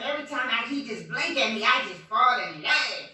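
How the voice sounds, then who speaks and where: Sassy high-voiced woman host. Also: animated, fairly quick, bright, forceful tone, recorded from a distance. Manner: sassy, calls listeners "honey". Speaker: morning show host. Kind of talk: comedic advice monologue. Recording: very echoey, off-mic, faint noise.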